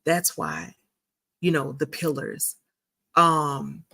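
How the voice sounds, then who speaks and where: A woman's voice: low-pitched, sing-song, slow pace, creaky, pushed and bright, breathy edge. A woman hosts a casual live stream and talks straight to her viewers, calling them y'all. She tells a personal story in a loose, chatty way. She often repeats and restarts her phrases as she goes. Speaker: community founder and host.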